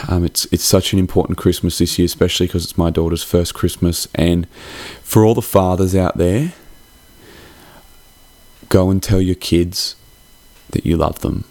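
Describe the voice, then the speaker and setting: A young man with a very deep voice talks in a flat, even tone. He rambles through a heartfelt, casual holiday sign-off and drops a swear word here and there. The sound is dry and close to the mic. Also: normal speed, no echo. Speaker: podcast host.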